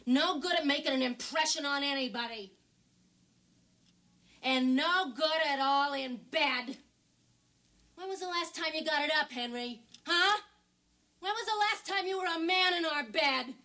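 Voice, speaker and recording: A woman's voice: sits high, a little slow, long pauses, bright, forceful tone, full character voice. An actress playing a bitter, scornful middle-aged wife in a film scene, berating her husband. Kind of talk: film dialogue.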